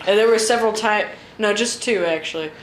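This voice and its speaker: A woman's voice: medium pitch, fairly quick. A woman co-hosting a podcast in casual chat, blunt and swearing freely. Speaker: podcast co-host. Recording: echoey room with faint hiss.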